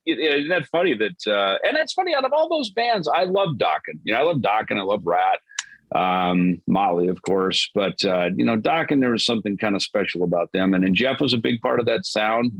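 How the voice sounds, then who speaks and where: Laid-back low-voiced man rambling about gear. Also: fairly bright tone, no echo, poor audio. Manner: loose, rambling, laughs often, says dude. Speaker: guest musician. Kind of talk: casual podcast interview.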